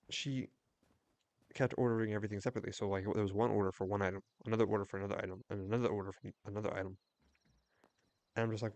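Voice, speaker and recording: A young man chatting casually while livestreaming a game, telling a rambling story with quick restarts. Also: on the low side, a little mellow, no room sound. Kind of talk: casual chat while gaming.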